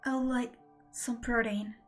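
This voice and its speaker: A woman reading the lines of a calm, strong young female fighter in a video game, slow and solemn. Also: on the high side, soft background music, pitched below the performer's own voice, natural voice.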